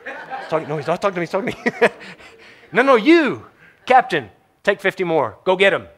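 A man preaching a sermon, telling Bible stories in an animated way, acting out the quotes and laughing often. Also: high-pitched, brisk.

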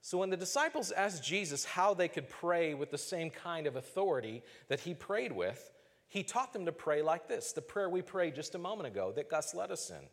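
Earnest pastor preaching in a reverberant hall. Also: male voice, a little high, sing-song. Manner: earnest, measured preaching with slow emphatic phrases. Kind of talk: sermon.

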